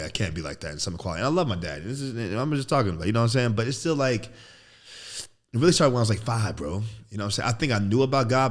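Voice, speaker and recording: A young actor and podcast guest telling a personal story in casual chat, slangy and profane. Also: male voice, lowish voice.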